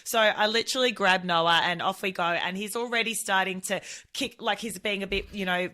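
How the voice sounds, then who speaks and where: Woman, bright forceful tone, casual storytelling, animated retelling. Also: fairly quick. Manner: animated retelling, acts out her toddler's shrill crying voice. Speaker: podcast co-host, mother.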